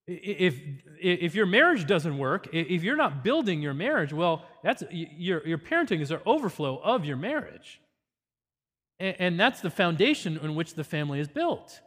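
A man's voice: high-pitched, sing-song, normal speed, a bit bright, big-room sound. A man giving an earnest, teacherly parenting seminar with a faith focus.

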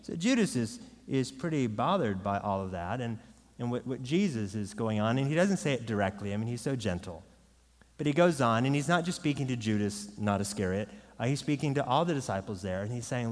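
A man's voice: medium pitch, lively intonation, brisk. A man preaching a sermon as pastor, with a conversational style and frequent "right?" asides. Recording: long reverb of a large hall.

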